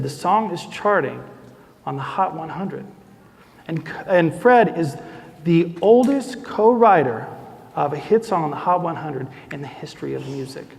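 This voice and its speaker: Young male speaker, gravelly, animated storyteller, reverberant hall. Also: a little high. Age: young adult. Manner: animated, acts out quoted voices. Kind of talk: storytelling talk.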